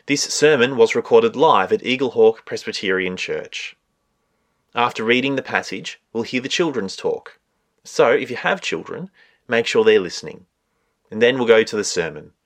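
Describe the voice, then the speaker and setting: A man's voice: medium pitch, expressive, moderate pace. A man introducing a recorded church sermon for radio, plain and informative. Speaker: radio program announcer. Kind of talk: announcing a sermon broadcast.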